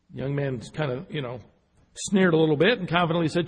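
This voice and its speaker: A preacher tells a story in his sermon, often restarting and repeating words before building to emphatic peaks. His voice is a little high, fast and slightly rough, with hall reverb on the recording.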